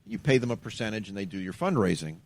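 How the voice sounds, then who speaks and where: A man's voice: fairly low pitch, quick pace, creaky. A middle-aged man co-hosting a podcast in a bar, telling a story in casual chat and acting out the phone calls. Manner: animated, acts out the calls. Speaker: podcast co-host, ex-trooper.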